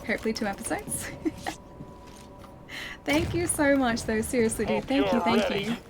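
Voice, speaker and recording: A young woman streaming a game and chatting with viewers, speaking clearly with a slight lisp from her retainers. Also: a little high, lively intonation, moderate pace. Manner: clear, well-enunciated speech. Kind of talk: casual live-stream gameplay chat. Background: game music.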